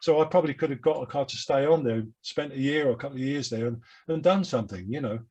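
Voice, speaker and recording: Older london cockney guy, kinda husky, meanders through his stories, laughs at himself, video call. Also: medium pitch, fast talker, a little mellow. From London, England. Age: 70s. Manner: rambling, self-deprecating storyteller. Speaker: guest musician. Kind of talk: reflective interview chat.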